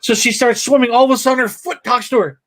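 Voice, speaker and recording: Guy with a high voice on a live comics stream, retelling a plot and doing the lines himself, pretty animated. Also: fast talker, heavy background noise. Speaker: comic book show co-host. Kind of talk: casual live-stream chat.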